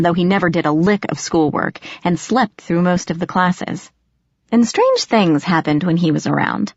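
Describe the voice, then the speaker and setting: A woman narrating an audiobook in first person, expressive and storytelling. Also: fairly low pitch, no room sound. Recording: dry, slightly dull audio.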